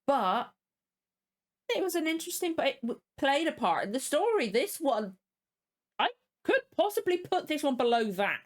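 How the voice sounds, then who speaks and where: A woman's voice: high voice, sing-song, moderate pace. A woman hosting a casual reaction video, rambling and frank, openly annoyed about the episode she watched. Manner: rambling and frank, many fillers and restarts. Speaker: reaction channel host.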